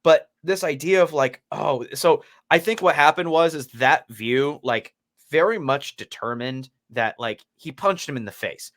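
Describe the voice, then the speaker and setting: A man co-hosting a casual hockey podcast, talking fast and loose, swearing freely and acting out other people's lines. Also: on the high side. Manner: animated, swears freely, acts out quotes. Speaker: podcast co-host. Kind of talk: casual sports chat.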